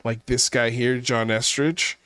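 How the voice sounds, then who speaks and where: A man in the middle pitch range hosts a skeptical commentary show in a relaxed, offhand way. His remarks lean sarcastic and profane. The sound is dry, with no room around it. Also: a little slow, clean tone, no room sound. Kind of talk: casual commentary.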